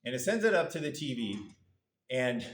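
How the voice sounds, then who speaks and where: A man's voice: medium pitch, big pitch swings, moderate pace. A male university lecturer giving a casual classroom lecture, playfully acting out little voices for the parts of a model. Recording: echoey room.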